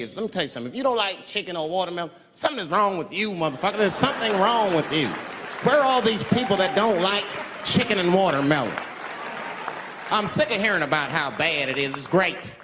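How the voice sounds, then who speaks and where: A man performs stand-up comedy and tells his story in an animated way, with a voice that sits fairly high and swings widely. He works a big theater stage on a handheld mic. The room answers with long reverb and a crowd that is clearly heard. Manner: animated storytelling, jumps into shrill put-on voices. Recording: hall reverb, crowd laughter noise.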